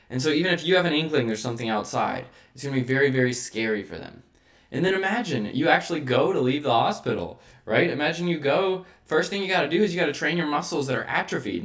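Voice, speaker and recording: In a slightly bright, mid-range voice, a man presents a motivational monologue on his vlog. He's rhetorical throughout, frequently checking in with a "right?"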